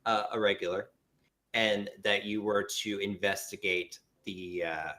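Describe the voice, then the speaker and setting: Low-voiced man running a tabletop game. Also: level tone, pushed and bright. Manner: halting, with many fillers and restarts. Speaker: game master.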